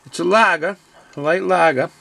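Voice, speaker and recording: A man's voice: sits high, normal speed, creaky, fairly bright tone. A man with a Boston accent reviewing a beer in casual, rambling talk with many fillers and restarts.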